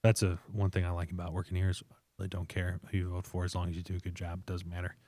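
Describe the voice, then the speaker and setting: Low-voiced man in casual banter. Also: completely flat delivery, rapid-fire, darkish tone, no echo. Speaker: podcast co-host. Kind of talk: casual chat.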